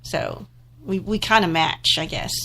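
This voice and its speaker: A woman's voice: fairly low pitch, wildly swooping pitch, unhurried, creaky, sharp tone, slight background noise. A woman co-hosting a live internet talk show, chatting casually with a stuffed-up, nasal voice. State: congested, nasal. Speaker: podcast co-host. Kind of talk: casual chat.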